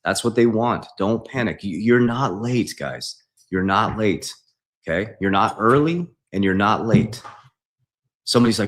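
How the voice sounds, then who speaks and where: Emphatic low-voiced man coaching on a livestream. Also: expressive, moderate pace, a bit bright. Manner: emphatic, preachy, repeats himself. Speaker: financial coach. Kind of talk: livestream talk.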